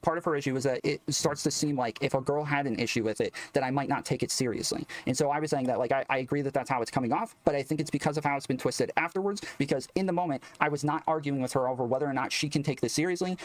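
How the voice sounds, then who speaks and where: A man's voice: medium pitch, dry recording. A man in a heated online debate, insistently defending himself and talking over others.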